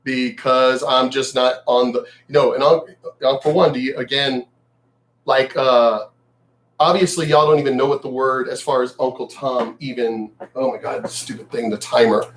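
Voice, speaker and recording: A man's voice: medium pitch, fairly even intonation, normal speed, rough recording. A middle-aged man ranting in a blunt, profane, sarcastic way for his vlog, now and then mocking others in put-on voices. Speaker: vlogger.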